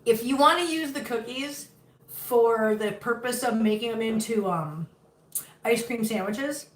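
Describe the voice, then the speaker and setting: Chatty fifty-year-old woman livestreaming from across a roomy space. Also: unhurried. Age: 50s. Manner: chatty, talks to viewers and cats in a high cooing baby voice. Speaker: livestream host. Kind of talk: casual livestream chat. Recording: roomy, picked up from a distance, faint noise.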